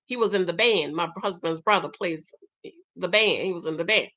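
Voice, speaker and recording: A woman's voice: medium pitch, moderate pace, bright, forceful tone, highs cut off. A woman vlogger chatting casually while reading viewer comments, emphatic and talkative, often adding "okay?". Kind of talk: casual live-stream chat.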